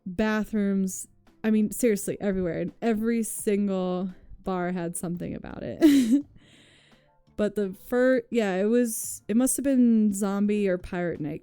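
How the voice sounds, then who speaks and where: A woman's voice: mid-range voice, dark tone, smooth, no room sound. A woman streamer chatting casually with her viewers, telling rambling stories full of "like", swearing and frequent laughter.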